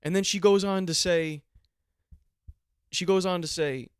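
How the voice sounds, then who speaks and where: On his podcast, a young male host spins a profane, meandering tale full of mock outrage in a comedic storytelling style. He has a high, clear, resonant voice with fairly even intonation and a measured pace, captured in a dry, clean studio recording.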